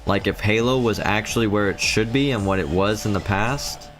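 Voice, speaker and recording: A man's voice: lowish voice, moderate pace, fairly bright tone, soft background music. A man from the Philippines, chatting casually on a live game stream and answering chat.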